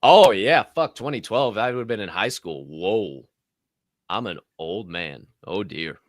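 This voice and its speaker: A young man hosting a casual podcast, telling stories with swearing and sudden shouted bursts. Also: lowish voice, expressive, unhurried, dry recording, clean studio sound. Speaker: podcast host.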